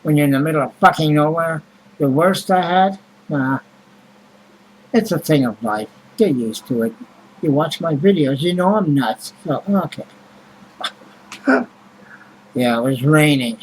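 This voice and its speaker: A man's voice: fairly high pitch, expressive, a little slow, pauses often, a little hiss or hum, low-quality recording. A man vlogging in a rambling, casual monologue, blunt and grumbling, with heavy swearing and many fillers.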